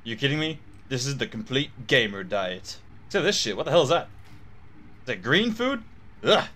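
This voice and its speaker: A man's voice: mid-range voice, big pitch swings, normal speed, fairly bright tone. A young man giving gameplay commentary on a horror game, joking and swearing with jumpy reactions. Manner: jokey, profane, jumpy reactions. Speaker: gamer playing a horror game.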